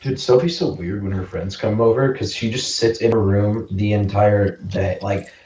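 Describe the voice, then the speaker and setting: A man's voice: fairly low pitch, steady tone, normal speed, mellow, dull audio. Young guy rambling in an echoey room. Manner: rambling, profane storytelling with lots of "like". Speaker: podcast co-host. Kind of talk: casual chat. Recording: echoey room, distant mic, faint noise.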